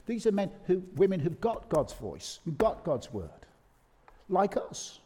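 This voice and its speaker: A man's voice: high voice, big pitch swings, a little slow, dark tone, husky. A man preaching an evening sermon, emphatic and repeating key phrases for effect. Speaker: pastor. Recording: long reverb of a large hall.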